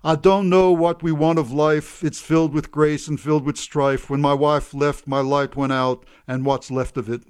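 A man's voice: a little high, level tone, normal speed, hardly any pauses, a little mellow, smooth, pitched above the performer's own voice, natural voice. A man voicing a deserted man lamenting his lost wife and son in rhymed street speech, in a read-aloud poem. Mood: bitter. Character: abandoned middle-aged man singing his blues.

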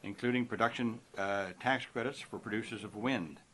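A middle-aged man, a senator, delivering a formal prepared statement in a measured, deliberate way with occasional hesitations. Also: on the low side, fairly even intonation, fairly bright tone, a little hiss or hum.

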